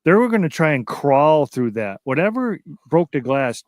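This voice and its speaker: A man's voice: fairly high pitch, very animated, moderate pace, dry recording, studio quality. A man on a radio show talking casually, emphatic and repeating words to drive his point home. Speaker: guest.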